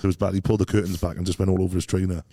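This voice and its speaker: A man's voice: sits low, flat delivery, racing, warm tone, no room sound. A Welsh man telling stories as a podcast guest, rambling and laughing easily, full of British slang. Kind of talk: casual chat.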